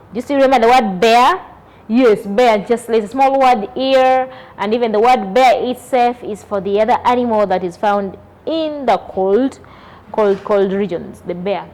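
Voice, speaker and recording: Woman, primary teacher, high and animated, quizzing young kids, spells words aloud. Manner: questioning, repeats and spells words out. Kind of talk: children's lesson.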